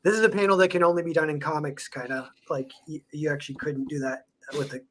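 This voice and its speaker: A man's voice: fairly high pitch, steady tone, fast talker, fairly bright tone, a little hiss or hum. A young man co-hosting a casual podcast, rambling with lots of "like" and restarts. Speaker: podcast co-host, comics artist. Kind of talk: casual chat.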